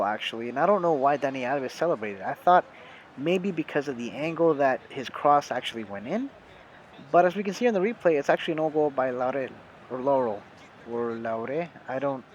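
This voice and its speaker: A man's voice: medium pitch, poor audio. American guy narrating his football game for viewers, loose and chatty, keeps correcting himself, slight hiss. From United States. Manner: chatty, addresses viewers as guys, many fillers and self-corrections. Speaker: gaming YouTuber. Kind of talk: casual gameplay commentary.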